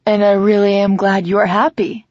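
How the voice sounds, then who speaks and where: A woman narrator voicing a friendly but subdued young man who talks slowly and quietly, in a slightly dull, dry audiobook recording. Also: medium pitch, level tone, no echo, natural voice. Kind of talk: audiobook character reading.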